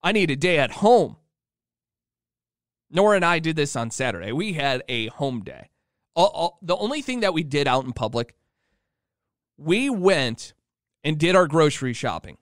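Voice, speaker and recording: A man's voice: fairly high pitch, sing-song, normal speed, fairly bright tone, no echo, studio quality. A man hosting his own show, telling a story in a rambling, chatty way. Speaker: show host. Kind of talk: casual monologue.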